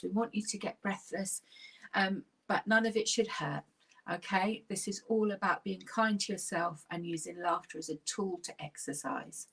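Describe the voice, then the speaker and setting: Brief: a woman who leads laughter yoga, has a bright, strong voice, and keeps her instructions upbeat and encouraging. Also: medium pitch. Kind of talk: guided exercise class. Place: seated while leading.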